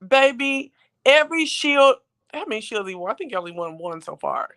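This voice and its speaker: A woman hosting a casual live-stream recap, talking in a chatty, slangy, animated storytelling way. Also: a little high, a little fast. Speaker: show recap host.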